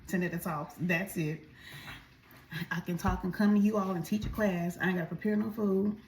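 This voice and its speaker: A woman's voice: medium pitch, a little mellow, a little hiss or hum. A woman vlogger telling a story in a chatty, casual way while she eats, speaking straight to her viewers. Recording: echoey room.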